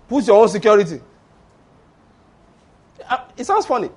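A man's voice: high-pitched, expressive, moderate pace. A man preaching a sermon, exhorting his congregation emphatically and mixing in playful story asides. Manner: emphatic, exhorting with tag words like "oh".

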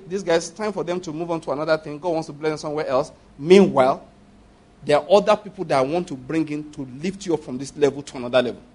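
A man preaching a sermon as a pastor, animated, repeating phrases and acting out prayers and dialogue. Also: on the high side, husky. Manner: repeats phrases and asks the audience for agreement.

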